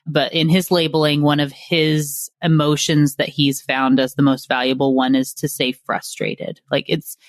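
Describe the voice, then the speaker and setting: A podcast host talking in a relaxed way, sharing references and building on the guest's points. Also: mid-range voice, moderate pace, hardly any pauses, no room sound, clean studio sound. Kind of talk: casual interview chat.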